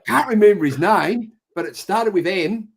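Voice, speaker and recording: A man's voice: high-pitched, expressive, moderate pace, gravelly, a crowd in the background. An Australian man, a guest on a live stream, chatting casually and telling dry, joking stories. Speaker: guest YouTuber.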